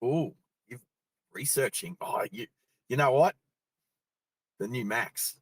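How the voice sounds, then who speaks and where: A middle-aged Australian man chats away from behind the wheel, spinning easygoing road-trip stories with plenty of ums and quick laughs. His voice sits at an ordinary pitch and sounds close and dry in the car, with no room echo. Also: breathy edge. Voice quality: chatty, laughs easily, many fillers. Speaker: driving vlog host. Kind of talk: casual storytelling while driving.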